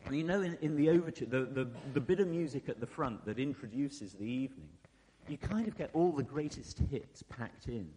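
A man preaching a sermon in a relaxed, conversational way, with fillers and asides to the congregation. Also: medium pitch, a little fast. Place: church hall. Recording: long hall reverb.

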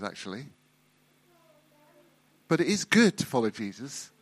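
A middle-aged man preaching a sermon in a relaxed, conversational way, often restarting and repeating words. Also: mid-range voice, unhurried, slightly rough.

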